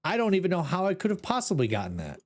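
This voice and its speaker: A man's voice: high-pitched, wildly swooping pitch, fast. A man streaming a ghost-hunting game, talking to his chat in an exasperated, joking way. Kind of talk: casual gameplay commentary.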